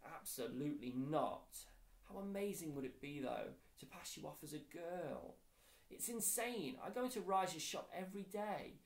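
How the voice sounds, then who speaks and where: A hesitant twelve-year-old boy in a storybook, voiced by a man reading aloud. He sounds unsure and reluctant, his voice nudged a little higher. A gravelly texture runs under it. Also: expressive, normal speed. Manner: hesitant and doubtful.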